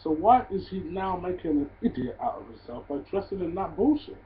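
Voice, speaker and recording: A man's voice: high voice, very animated, brisk, hardly any pauses, slight background noise. Profane ranting man, tinny phone-like sound. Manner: profane, ranting, gets loud and incredulous. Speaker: wrestling show reviewer. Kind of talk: casual solo review vlog.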